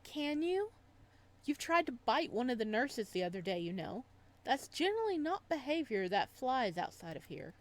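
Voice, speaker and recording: A woman voices a soft-spoken, possessive male psychiatrist from a visual novel, keeping her tone calm and quietly unsettling. Her pitch is on the high side, and she reads at a moderate pace.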